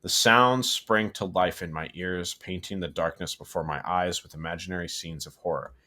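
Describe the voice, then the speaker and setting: A man's voice: low-pitched, normal speed, sharp tone. A man casually reading a horror story aloud, stumbling, correcting himself and adding asides. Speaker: story reader and co-host.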